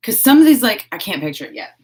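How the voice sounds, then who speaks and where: A woman hosting a casual live stream while crafting. She chats, giggles and thinks out loud. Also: mid-range voice, sing-song, fast, noisy background. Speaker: host of a horse-themed channel.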